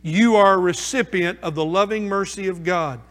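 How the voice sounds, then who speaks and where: Man, pastor, high voice, emphatic repeated phrases, church sanctuary, long reverb. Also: moderate pace, fairly bright tone, soft background music. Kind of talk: sermon. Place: church sanctuary before a congregation.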